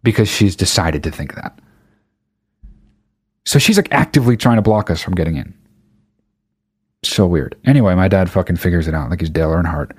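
A young man telling a casual comic anecdote, rambling and full of profanity with deadpan asides. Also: sits low, fairly quick, long pauses, breathy edge, dry recording, studio quality. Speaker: storyteller.

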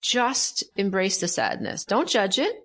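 A middle-aged woman appears as a guest coach in an interview, speaking emphatically and animatedly repeating her key phrases. Her medium-pitched, fairly bright voice swoops wildly in pitch while staying unhurried.

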